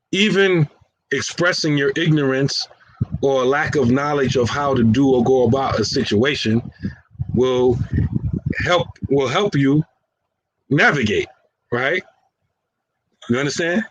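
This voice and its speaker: A man's voice: mid-range voice, slow pace, long pauses, slight background noise, rough recording. A man, talking casually and playfully while acting out everyday scenarios and chuckling at his own lines.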